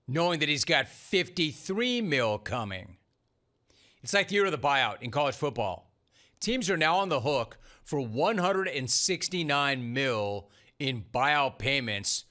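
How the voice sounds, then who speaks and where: A man's voice: medium pitch, pushed and bright. A man hosting a sports talk show, delivering a punchy, sarcastic monologue full of rhetorical questions.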